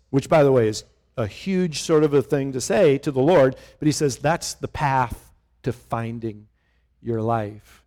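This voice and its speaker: Man, pastor, sermon, chatty, asks listeners questions, very expressive pitch, slightly high voice. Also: normal speed. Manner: animated, conversational, asks the congregation questions.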